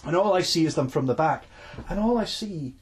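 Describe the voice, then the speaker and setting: Uomo scozzese dalla voce roca. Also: male voice, fairly high pitch, brisk, slightly rough. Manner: animated storytelling, sweary, many restarts. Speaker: podcast co-host. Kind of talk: casual chat. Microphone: phone line.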